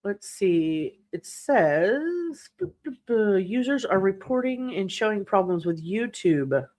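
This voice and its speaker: A woman's voice: medium pitch, expressive, a little slow, dark tone. A woman hosting a livestream, chatting casually and snarkily while reading viewer comments, laughing often. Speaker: true crime livestream host.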